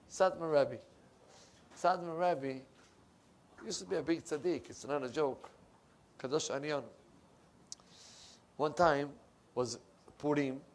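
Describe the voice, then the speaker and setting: A middle-aged male rabbi preaching a sermon in a synagogue, animated and emphatic, swinging from loud to soft. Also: fairly high pitch.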